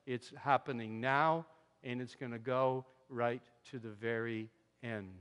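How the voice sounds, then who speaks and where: A man preaching a sermon in a church, animated and conversational, his voice swinging from loud emphasis to quiet asides. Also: mid-range voice, a little slow, clear, resonant tone. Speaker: pastor. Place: church sanctuary. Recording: long hall reverb.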